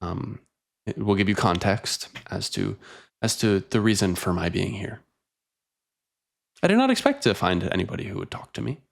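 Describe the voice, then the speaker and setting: A man's voice: fairly low pitch, sing-song, moderate pace, creaky, long pauses, full character voice. A man voicing a tiny rat with pigeon wings that speaks formally and courteously. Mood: polite.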